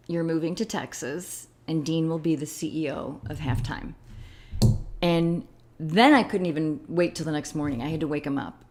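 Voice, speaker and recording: A woman guest on a podcast, telling a personal story and acting out the dialogue in lively voices. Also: lowish voice. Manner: animated, acts out quoted dialogue in lively voices. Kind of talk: storytelling in a conversational interview.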